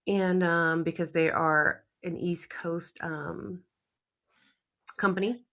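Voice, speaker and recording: A woman's voice: on the low side, steady tone, takes it slowly, fairly bright tone. A woman real estate agent chatting on a video call, hesitant and full of fillers. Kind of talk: casual chat.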